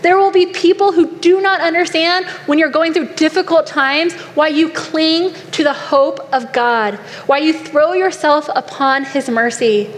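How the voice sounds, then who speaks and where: A woman's voice: high-pitched, a little slow, hardly any pauses. A woman preacher giving an earnest, exhorting sermon to a women's gathering in a large hall. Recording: long hall reverb, faint noise.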